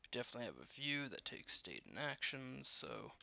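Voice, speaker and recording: Gravelly man thinking aloud while coding. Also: medium pitch, sing-song, brisk, bright, forceful tone, no echo. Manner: thinking aloud, self-deprecating, many fillers. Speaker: programmer live-coding a game. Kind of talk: casual coding walkthrough.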